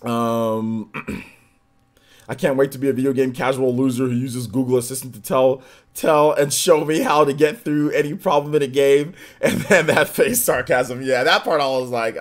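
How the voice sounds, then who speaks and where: A man's voice: mid-range voice, normal speed. A man hosting a live stream, reading viewers' chat messages aloud and answering them in a casual, sometimes heated way. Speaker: streamer host.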